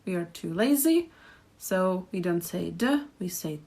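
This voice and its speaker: Slow, careful woman language teacher. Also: on the low side, animated, darkish tone, husky. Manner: slow, careful, repeats phrases for practice. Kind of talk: pronunciation lesson.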